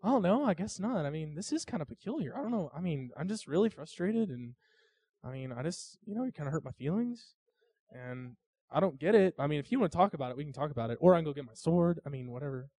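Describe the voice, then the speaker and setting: Sheepish, mumbling prophet, a preacher voicing him, hushed and dry. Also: male voice, high-pitched, moderate pace, creaky, no room sound. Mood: sulky. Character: rich, sulky male prophet, talking himself out of trouble.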